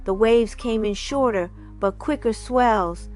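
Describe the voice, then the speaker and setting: Female storyteller, mid-pitched, measured and dramatic, reads a legend. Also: a little mellow, faint music behind. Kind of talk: reading a folk legend aloud.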